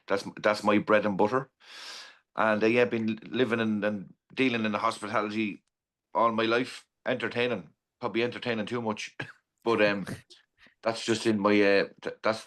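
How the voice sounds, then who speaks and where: An Irish pub owner in his forties chats casually as a podcast guest, telling rambling stories full of restarts. His voice is lowish with a fairly bright tone.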